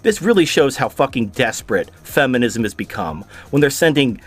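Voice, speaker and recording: A man's voice: medium pitch, expressive, normal speed, faint music behind. A man hosting a video, delivering an angry, profane rant of commentary in furious bursts. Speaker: video host reacting to a clip.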